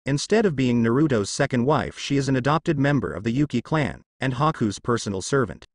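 A man's voice: mid-range voice, animated, fairly quick, no echo, studio quality. A man voicing a weary old male village leader who sighs and explains, in a fan fiction reading. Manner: sighing, explaining.

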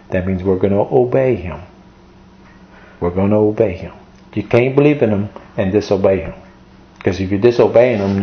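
A man's voice: medium pitch, highs cut off. A male pastor preaching an emotional sermon, repeating his points and reading scripture aloud.

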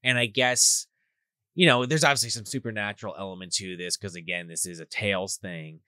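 Bright-voiced man summing up a plot. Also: lowish voice, clear, resonant tone, no room sound, clean studio sound. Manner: measured, summarizes plot, sardonic asides. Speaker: podcast co-host. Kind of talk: casual movie review chat.

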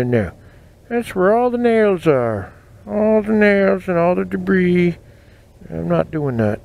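A man's voice: sits high, creaky. A man in his forties telling self-mocking stories while riding a motorcycle, recorded on a helmet mic. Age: 40s. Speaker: motorcycle vlogger. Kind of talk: casual storytelling while riding. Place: on a motorcycle in city traffic outdoors. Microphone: helmet-mounted mic. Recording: loud traffic and road noise.

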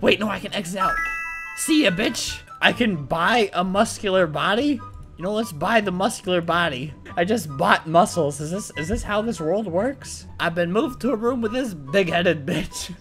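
Young guy with a highish voice riffing on a game, swearing and cracking up, faint music behind. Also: normal speed. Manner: excitable, swears a lot, frequent laughing outbursts. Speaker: gaming YouTuber. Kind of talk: comedic let's-play commentary.

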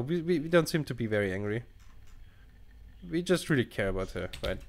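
A man talks through a game at home in a steady, mid-pitched voice, thinking out loud over each choice. He swears freely and wavers between options as he reads them aloud. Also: brisk, gravelly, long pauses. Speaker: let's player. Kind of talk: casual gameplay commentary.

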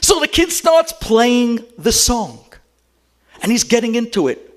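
Rabbi guy telling a story, high voice, swoops all over the place. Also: unhurried. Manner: animated, acts out the other speakers in the story. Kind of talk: storytelling to an audience.

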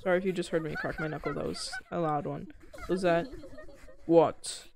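A woman's voice: on the low side, moderate pace, gravelly, noisy background. Exasperated young woman streaming a game. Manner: exasperated, talks to chat, outbursts of disbelief. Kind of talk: live gameplay commentary.

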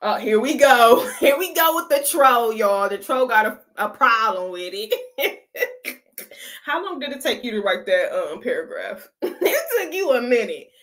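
A woman's voice: fairly high pitch, sing-song, a little slow, fairly bright tone. A woman hosting a reaction video, talking casually to her viewers in slangy, chatty speech and laughing often.

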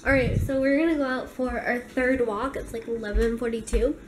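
A woman's voice: fairly high pitch, fairly even intonation, a little fast. A woman vlogging casually at home and out on walks, chatting to the camera and breaking into squealy baby talk with her pets. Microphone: handheld compact camera. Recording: noisy handheld home recording.

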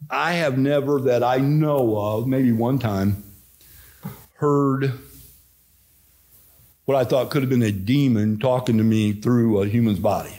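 A middle-aged man, a pastor teaching Bible study in a folksy, animated way, acting out quotes. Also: medium pitch, measured pace, pauses often.

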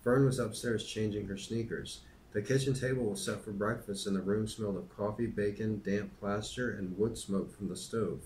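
A man's voice: on the low side, moderate pace, hardly any pauses, a little hiss or hum. A man hosting a podcast, chatting casually with many fillers and then reading a children's book aloud. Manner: relaxed, hesitant, many fillers.

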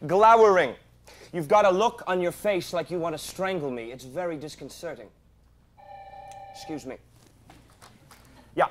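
Actor as a smarmy, condescending male lawyer with a slightly raised pitch. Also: close to an everyday voice. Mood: annoyed. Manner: glib, condescending, fast-talking. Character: slick smarmy male Los Angeles lawyer. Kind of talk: stage drama acting.

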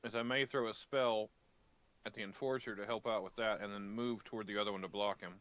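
A man's voice: on the low side, steady tone, fairly quick, fairly bright tone, no echo. A man playing a game with friends, explaining rules and his moves in casual chat. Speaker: co-player.

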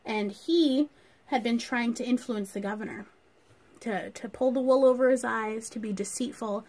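A woman teacher telling a Bible story to children, with animated storytelling and rhetorical questions. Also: a little high, normal speed.

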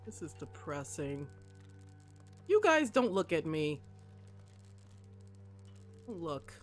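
A woman commentating as she plays a video game, talking to the objects on screen and swinging between mopey asides and excited outbursts. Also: low voice, extremely slow, faint music behind. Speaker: gamer. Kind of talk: let's play commentary.

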